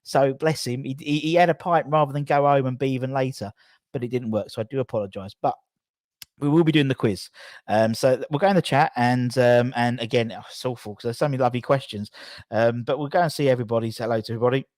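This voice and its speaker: A man's voice: medium pitch, fast, a little mellow, dry recording. A man hosting a casual live stream, apologising again and again in a rambling way with many restarts. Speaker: host.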